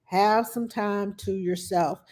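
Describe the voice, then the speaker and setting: A middle-aged woman hosts a live stream as a nanny, speaking slowly and steadily at a medium pitch with a slightly mellow tone. She chats casually, repeats herself for emphasis, and acts out little dialogues with her toddler.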